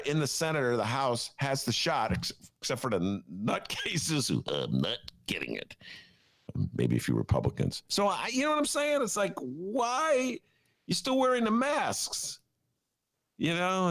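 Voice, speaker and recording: A man co-hosting a podcast in casual chat, rambling and animated, laughing often. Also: fairly low pitch. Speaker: podcast co-host.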